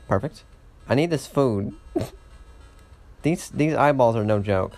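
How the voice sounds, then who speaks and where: A man's voice: mid-range voice, lively intonation, slow, long pauses, darkish tone, faint music behind. Rambling, foul-mouthed gamer man. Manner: rambling, swears often, laughs at himself. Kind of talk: casual let's-play commentary.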